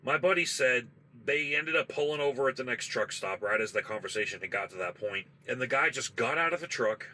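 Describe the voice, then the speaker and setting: A man's voice: mid-range voice, animated, brisk, few pauses, bright, forceful tone, slight background noise, low-quality recording. A man, a trucker, telling a spooky story in a loose, profane, conversational way from his parked truck. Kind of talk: casual spoken storytelling.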